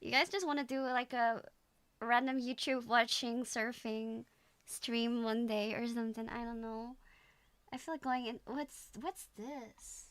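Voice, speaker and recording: A woman's voice: on the high side, steady tone, unhurried, a bit bright, clear, resonant tone, no echo. A woman from the Netherlands with a Dutch accent, chatting casually and giggling on a reaction stream.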